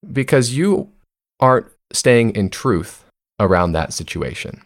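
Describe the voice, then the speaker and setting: A man's voice: medium pitch, animated, moderate pace, vocal fry. A man hosting a self-help podcast, speaking conversationally and often putting questions to listeners. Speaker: podcast host.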